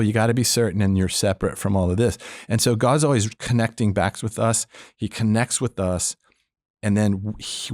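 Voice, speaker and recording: A man's voice: fairly low pitch, a little mellow, no room sound, studio quality. An older man speaking as a podcast guest, teaching about faith in an earnest, emphatic way, repeating phrases and laughing between points.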